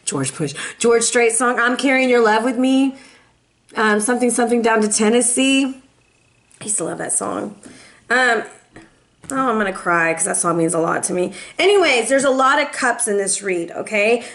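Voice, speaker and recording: A woman reads tarot cards in a loose, chatty way, talking straight to her viewers. Her voice sits a little high for a woman. She keeps it playful, acting out what her viewers might say and humming bits of songs. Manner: chatty and playful, slips into sung lines and quoted voices. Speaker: tarot reader. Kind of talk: casual tarot reading.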